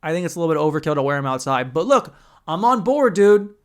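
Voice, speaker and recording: Young guy ranting solo on his podcast, swears a lot, kinda high voice, does little voices for people. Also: fast talker. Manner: profane, animated, acts out quoted voices. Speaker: podcast host. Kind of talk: solo comedic rant.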